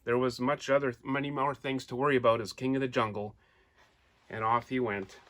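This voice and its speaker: Male storyteller reading to children, lively, draws listeners in with questions and pictures. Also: mid-range voice, a little fast. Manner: animated, asks listeners questions; points out pictures while telling.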